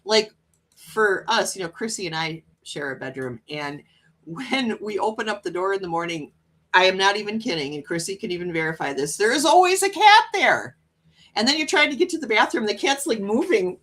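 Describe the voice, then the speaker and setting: A woman's voice: medium pitch, moderate pace. A woman hosting a casual livestream chat, reading viewer comments aloud and laughing often. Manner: chatty, laughs often, animated cat voices. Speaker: livestream host.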